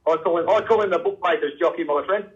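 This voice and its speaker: A man's voice: fairly high pitch, fast talker, lo-fi sound. An older man with an Australian accent, calling in to a radio show and rambling in casual chat, calling people "mate" again and again. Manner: rambling, says "mate" constantly. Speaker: radio caller.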